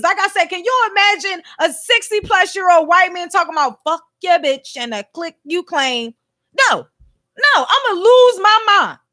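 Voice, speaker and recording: Woman livestreamer, very high voice, animated slangy news commentary to her followers. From Philadelphia. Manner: excitable, animated, slangy, talks to viewers.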